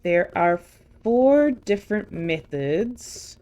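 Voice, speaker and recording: This is a young woman from New Zealand whose accent now and then drifts toward American R's. She streams a game in a slow, relaxed way, reading her chat aloud and giggling often. Her pitch sits in the middle range for a woman. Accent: New Zealand, with some American-sounding R's.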